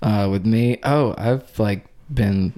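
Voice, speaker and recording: A man's voice: lowish voice, slow, warm tone. A young man co-hosting a casual podcast chat, goofy and laughing often as he runs through his bits. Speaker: podcast co-host.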